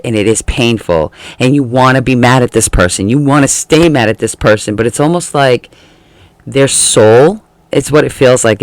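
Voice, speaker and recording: A man's voice: mid-range voice, no room sound. A man giving a casual tarot reading, chatty and laughing often, acting out the feelings he describes. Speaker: tarot reader.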